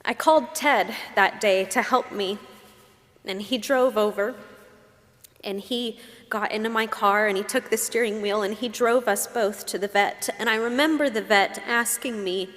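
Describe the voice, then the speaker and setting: In a church sanctuary, a woman pastor delivers a sermon in a medium-pitched, unhurried, slightly bright voice. She shares personal stories with emotion and poses reflective questions, and the recording carries a long hall reverb.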